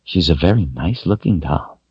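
A man voicing a kind woman who speaks softly and coaxingly to a frightened child. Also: low voice, lively intonation, normal speed, husky, dry recording, lo-fi sound, full character voice. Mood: soothing. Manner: soft and coaxing. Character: gentle kind woman stranger.

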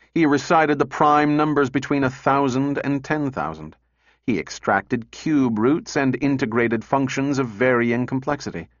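A man narrates a story at a measured, even pace, in a mid-range voice. The recording is dry with no room sound and a little dull in the highs. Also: no echo. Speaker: audiobook narrator. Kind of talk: scripted narration.

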